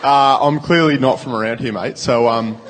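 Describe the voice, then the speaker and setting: A man's voice: medium pitch, moderate pace, slight background noise. A young man with an Australian accent asks a question from the audience in a hesitant way, with many fillers and restarts. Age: young adult. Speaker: audience member asking a question. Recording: long hall reverb.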